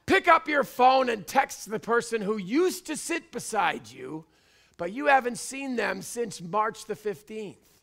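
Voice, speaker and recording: A man from Canada with a Canadian accent, preaching a fiery sermon in church and often shouting. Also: sits high, very animated, measured pace, vocal fry. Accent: Canadian English. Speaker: pastor. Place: church before a congregation.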